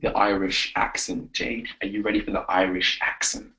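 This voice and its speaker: A man coaching on a live webinar, energetic and repetitive, giving pep talks. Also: sits low, moderate pace, low-quality recording. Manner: energetic, pep-talking, repeats himself. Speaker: confidence coach.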